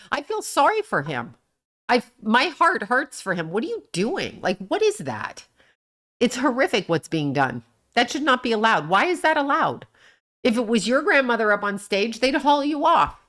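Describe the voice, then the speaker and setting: A middle-aged woman holds forth on her own livestream in a casual, rambling rant. She is blunt and swears freely, jumps between topics and laughs often. Her voice sits at an ordinary pitch for a woman. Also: a bit bright. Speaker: livestream host.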